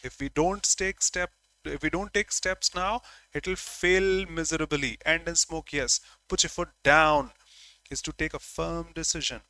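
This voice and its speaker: Bright-voiced teacher. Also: male voice, fairly high pitch, measured pace, no echo. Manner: lively, calls on students by name, acts out examples. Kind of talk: online exam-prep lesson.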